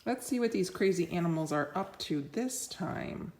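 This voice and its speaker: A woman reading a children's picture book aloud, expressive and doing little voices for the animals. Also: fairly low pitch, normal speed, few pauses, a little hiss or hum. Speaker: reader.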